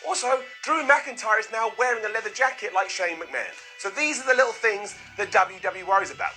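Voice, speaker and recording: Excitable, high, bright-voiced male reviewer. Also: faint music behind, poor audio. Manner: excitable, sarcastic, with quick put-on asides. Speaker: wrestling show reviewer, host. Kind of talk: comedic recap commentary.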